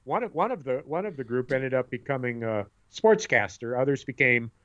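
A middle-aged man with a bright, forceful voice tells rambling stories in casual conversation. He often restarts and repeats words. The recording sounds slightly dull and lo-fi. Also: medium pitch, animated, moderate pace. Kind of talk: casual chat.

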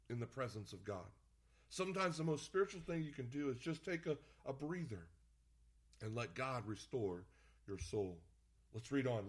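A man preaching a sermon as pastor, reading scripture aloud and talking to the congregation in a conversational, playful way. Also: medium pitch.

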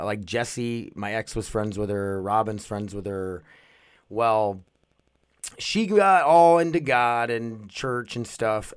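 A man talks loosely and goofily, dropping swear words as he rambles through his podcast. His voice sits at a middle pitch. It is recorded dry and close, with no room sound. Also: no room sound. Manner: rambling, profane, goofy. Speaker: podcast host. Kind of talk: casual podcast monologue.

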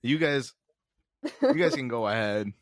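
A man's voice: mid-range voice, animated, a little slow, no echo, studio quality. Easygoing man in casual chat.

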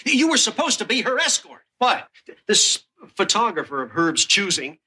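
A fussy middle-aged sitcom boss, indignant and quick to sputter. His voice is bright and a touch husky, and it swings wildly in pitch whenever he gets worked up. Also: big pitch swings, heavily acted. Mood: angry. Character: flustered middle-aged male station manager. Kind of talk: sitcom acting.

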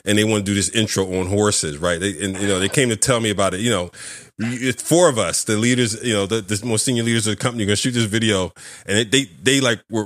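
A man hosting a podcast interview, telling a story in a lively, animated way and acting out the voices in it. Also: on the low side. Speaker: podcast host. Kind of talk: casual interview chat.

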